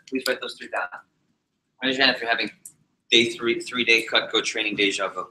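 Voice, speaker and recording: A man training a live audience in public speaking, animated and shifting his speed and pitch to demonstrate his points. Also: brisk, pauses often. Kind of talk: energetic presentation to a live group. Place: meeting room with a live audience. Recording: roomy echoey hall.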